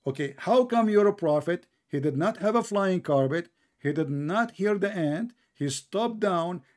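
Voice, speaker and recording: A man's voice: high-pitched, animated, unhurried, a little mellow. A man hosting a heated debate, mocking and sarcastic, talking over his opponent with broken English. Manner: mocking, sarcastic, talks over the other speaker. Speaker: debate host.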